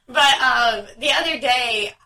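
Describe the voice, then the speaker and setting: High, bright mom, slightly off-mic. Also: female voice, slow, distant mic, poor audio. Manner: laughing, lively storyteller. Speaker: podcast co-host. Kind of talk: casual chat.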